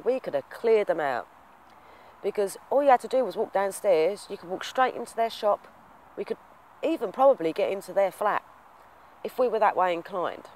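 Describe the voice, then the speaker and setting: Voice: mid-range voice, a little mellow, a little hiss or hum. Heartfelt rambling vlogger. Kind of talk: casual storytelling vlog.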